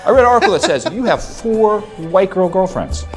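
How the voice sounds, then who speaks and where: A man interviewing his guest in a comedy bit, asking teasing, deadpan questions. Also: high-pitched, a little fast, faint music behind.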